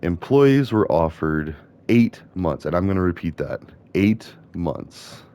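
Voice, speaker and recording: A man's voice: deep voice, expressive, normal speed, dark tone, clean tone. A young man ranting and rambling in casual commentary while playing a video game. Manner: ranting, indignant, digressive. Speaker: gaming vlogger.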